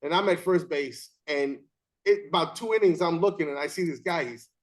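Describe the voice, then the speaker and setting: Animated male host, high pitch, tells stories with acted-out scenes. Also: brisk. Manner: animated storyteller, acts out scenes. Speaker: interview host and umpire. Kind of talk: casual storytelling chat.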